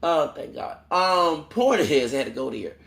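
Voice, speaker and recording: Gravelly man ranting in an echoey room. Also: on the high side, very animated, normal speed, a bit bright. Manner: rambling and preachy, quoting Bible verses and asking "okay?". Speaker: YouTuber. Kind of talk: ranting vlog monologue. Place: home in Houston.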